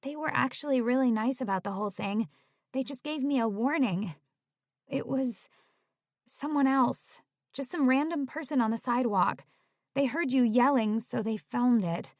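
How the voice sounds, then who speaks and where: A woman voicing a nervous, guilt-ridden young woman who talks quickly. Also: fairly high pitch, dry recording, studio quality, pitched above the performer's own voice, natural voice.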